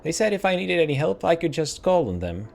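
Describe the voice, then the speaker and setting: A man's voice: on the high side, very animated, a little fast, vocal fry, darkish tone, pitched above the performer's own voice. A man reading the lines of a wisecracking floating skull companion, with sarcastic, grumbling remarks. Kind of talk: reading game dialogue aloud.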